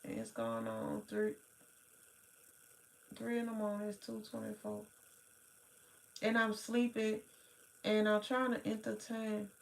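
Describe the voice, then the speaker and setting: A tired, sleepy woman hosting a late-night livestream, chatting slowly with viewers in a rambling, drawling way, sighing and yawning. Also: medium pitch, gravelly. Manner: slow, drawling, rambling talk with sighs and yawns. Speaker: livestream host.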